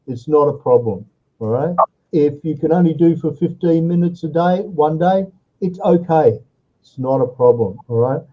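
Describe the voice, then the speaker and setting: Slightly high and expressive at a moderate pace, this man's voice comes through a video call with dull audio. As an English tutor in an online lesson, he explains patiently and checks in after every point with "okay?" or "all right?"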